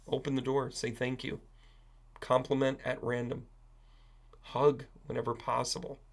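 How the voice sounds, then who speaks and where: A man's voice: medium pitch, fairly bright tone. A man hosting a live stream as a psychic medium, talking casually to viewers in a blunt, profane, ranting way. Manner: blunt and profane, given to rants.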